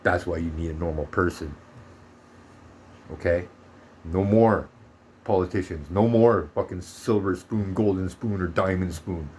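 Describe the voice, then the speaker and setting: Brief: lowish-voiced man from Canada, angry profane rant, soft background hum. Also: measured pace, pauses often. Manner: profane, heated, sarcastic. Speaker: vlogger. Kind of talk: ranting monologue vlog.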